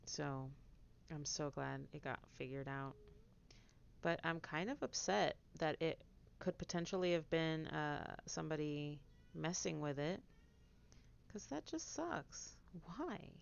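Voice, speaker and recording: A low, gravelly woman's voice chats easily with her stream as she paints, dropping now and then into hushed whispers. The sound is dull and lo-fi. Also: animated, slow. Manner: chatty, drifts into soft whispers while concentrating. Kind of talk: casual livestream chat while painting.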